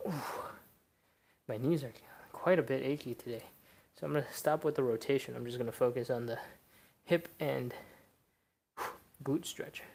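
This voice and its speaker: A young adult stretching instructor leading a live class, coaching casually and counting reps between breathy exhales. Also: mid-range voice, normal speed, long pauses, a little mellow.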